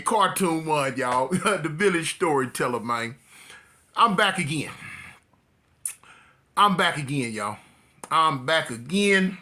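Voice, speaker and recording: This is a man, talking casually like a storyteller to his audience. His voice sits a little high and rings bright. He laughs easily and often as he tells the tale, with relaxed street slang. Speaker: storyteller vlogger.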